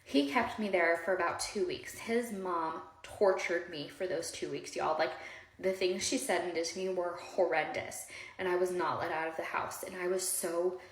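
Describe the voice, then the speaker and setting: A woman's voice: on the low side, fairly even intonation, moderate pace. Chatty woman telling her story, roomy echo. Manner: rambling and heartfelt, many "like" fillers, addresses viewers directly. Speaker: storyteller recounting her own past. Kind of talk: casual personal storytelling to viewers.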